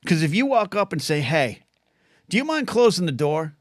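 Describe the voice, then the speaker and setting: A podcast host runs a solo livestream, fielding viewer questions in a rambling, jokey style, often stopping and starting over mid-thought. His voice sits on the high side with big swings in pitch, delivered at normal speed. The studio-quality recording has no echo.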